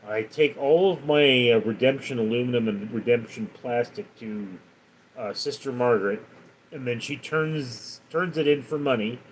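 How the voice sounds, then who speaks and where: A man on a live stream reads out his viewers' comments and answers them in a relaxed, chatty way. His voice sits at an ordinary middle pitch, and he sometimes pauses or starts a phrase over. A faint background hiss sits under the voice. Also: poor audio. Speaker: livestream host. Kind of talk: casual live stream chat.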